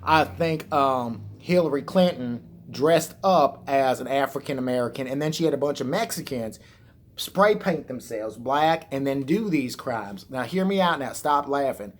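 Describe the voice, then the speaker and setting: A man's voice: medium pitch, animated, normal speed. Profane, sarcastic ranting man. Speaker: vlogger. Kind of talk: rambling satirical rant.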